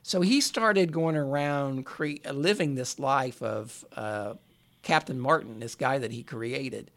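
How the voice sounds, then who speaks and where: Male co-host, relaxed explainer, gravelly mid-range voice. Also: mid-range voice, measured pace. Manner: relaxed storyteller, explains at length. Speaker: podcast co-host. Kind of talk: casual chat.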